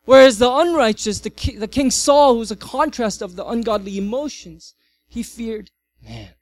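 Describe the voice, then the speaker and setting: A middle-aged male pastor giving a sermon, swinging from loud, emphatic passages to soft, quiet ones. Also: very high-pitched, normal speed. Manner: animated, varies loudness widely.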